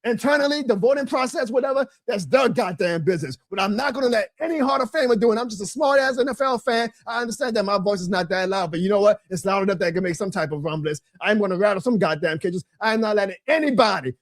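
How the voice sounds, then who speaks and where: A man hosting a live sports stream, ranting about football in a fiery, profane, indignant way that swings from loud outbursts to low mutters. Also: fast, hardly any pauses, no room sound, clean studio sound.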